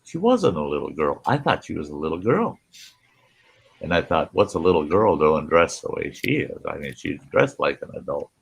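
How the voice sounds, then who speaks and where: A man's voice: extremely low pitch, big pitch swings, moderate pace, gravelly, husky. A man hosting a casual campfire chat, telling rambling anecdotes and acting out what people said, laughing along. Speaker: host.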